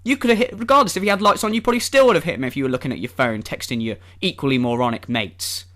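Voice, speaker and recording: A man's voice: fairly high pitch, very fast, a bit bright. A man ranting in a vlog, sarcastic and exasperated, swearing often. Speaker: vlogger.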